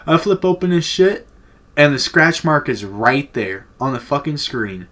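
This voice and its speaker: Young male vlogger, relaxed and profane story-time delivery. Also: on the high side, a little slow. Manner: laid-back, profane storytelling.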